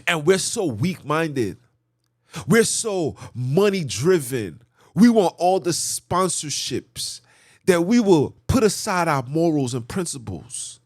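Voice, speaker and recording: Lively, fired-up male commentator. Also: a little high, slow, no room sound, studio quality. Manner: preachy, repetitive, rhetorical; mocking asides. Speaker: channel host. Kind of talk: impassioned political commentary.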